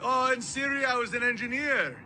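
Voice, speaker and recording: A cheerful, soothing taxi driver, put on by a man in a high, bright, sing-song voice. He pleads gently in every phrase. The faint hum of a car sits behind him. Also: a little fast, exaggerated voice.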